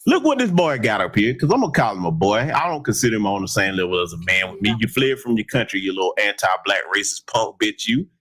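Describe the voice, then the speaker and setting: A man hosting a heated commentary broadcast, talking in an emphatic, taunting, loud way. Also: on the low side, very animated, quick pace, few pauses. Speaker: host.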